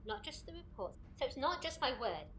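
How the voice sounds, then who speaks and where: A woman's voice: high-pitched, very animated, brisk, bright, forceful tone, roomy sound, slight background noise, heavily acted, rough recording. A woman playing a tired archivist who talks in a hesitant, uneasy way. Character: tired young woman archivist haunted by dreams. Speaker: archivist recording old stories.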